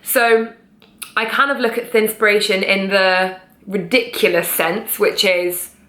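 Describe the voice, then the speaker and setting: A woman's voice: medium pitch, steady tone, unhurried, pushed and bright. A woman vlogger talking to camera about her book, chatty and passionate, swearing casually. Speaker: vlogger and author. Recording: echoey room.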